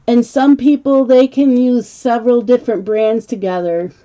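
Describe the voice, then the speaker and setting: Here a middle-aged woman hosts a laid-back coloring stream, chatty and quick to laugh as she reads viewer comments aloud. Her dark-toned voice sits a little high, steady and at a moderate pace. The lo-fi stream sound is slightly muffled.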